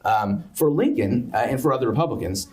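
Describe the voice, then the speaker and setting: Fast-talking man lecturing with many fillers. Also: medium pitch, expressive, darkish tone. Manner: halting, many fillers and restarts. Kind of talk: academic lecture. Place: lecture event.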